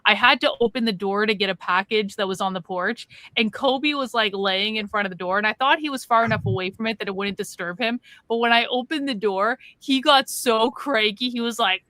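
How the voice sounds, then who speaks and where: A woman's voice: a little high, brisk, hardly any pauses, bright, forceful tone, no room sound. A woman hosting a podcast in casual chat, chatty and swearing freely. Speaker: podcast host.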